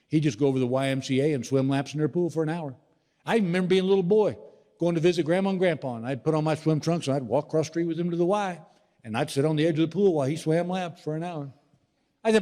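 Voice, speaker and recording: A middle-aged stand-up comedian tells folksy stories, acting out the voices of the people in them in quotes. His voice is a little high, a little mellow and animated, moving at a quick pace with a big-room sound.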